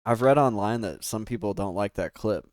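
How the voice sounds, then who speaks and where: A man's voice: on the low side, normal speed, darkish tone, no room sound, studio quality. An American man livestreaming a game, chatting casually and rambling with his viewers, laughing often. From United States. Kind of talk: casual gaming stream chat.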